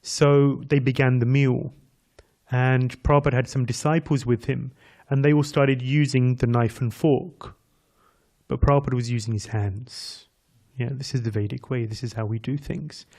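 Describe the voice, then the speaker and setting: A man's voice: medium pitch, fairly even intonation, normal speed, a little mellow. A man with an English accent giving a conversational sermon as a visiting speaker, talking directly to his audience and asking them questions. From England. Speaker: visiting speaker at a temple class.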